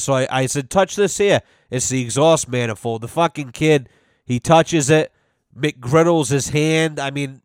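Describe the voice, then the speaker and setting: A man's voice: on the high side, clear, resonant tone, no echo. Podcast host, man, loose rambling anecdotes, resonant voice, dead-dry recording. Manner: rambling, profane, heavy on "you know". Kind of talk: casual storytelling.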